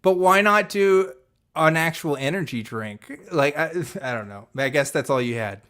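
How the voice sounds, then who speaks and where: A man's voice: a little high, moderate pace, fairly bright tone, clear, resonant tone. Mocking, profane man reading a transcript. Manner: profane, mocking, laughs between lines. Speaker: podcast co-host. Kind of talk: casual commentary reading a transcript aloud.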